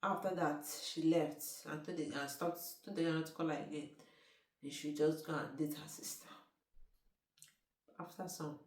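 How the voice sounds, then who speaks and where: A woman's voice: low-pitched, steady tone, moderate pace, long pauses. A woman, casually retelling a film's plot and often turning to ask the listener questions. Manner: chatty, asks the listener questions, restarts often. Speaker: storyteller recapping a film. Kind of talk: casual spoken movie recap. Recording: roomy sound from a distant mic.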